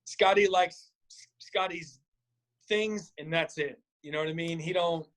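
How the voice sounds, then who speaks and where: Animated storytelling man, higher-pitched. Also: measured pace. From Nebraska, USA. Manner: animated, acts out quotes with big pitch jumps, swears freely. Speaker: boxing coach, podcast guest. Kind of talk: casual storytelling.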